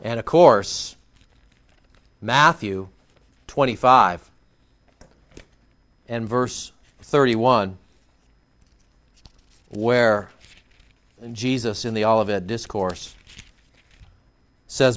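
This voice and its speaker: A man's voice: fairly low pitch, very slow, pauses often, fairly bright tone, dull audio. A man preaching a sermon as pastor, emphatic and confrontational, scolding his listeners.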